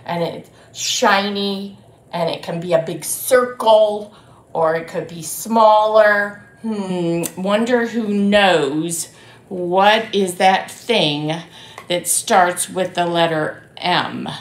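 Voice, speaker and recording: A woman leads a library storytime for small children in a lively, sing-song manner. She speaks slowly, drawing out each word. The room around her rings with echo. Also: mid-range voice. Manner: animated, sing-song, addresses children and grown-ups. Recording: roomy echo.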